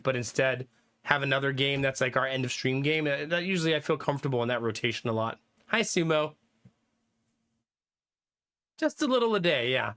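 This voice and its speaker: Young guy streamer rambling to chat, kinda high bright voice, lots of ums. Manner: rambling, thinking aloud, frequent fillers and laughs. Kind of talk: casual live-stream chat with viewers.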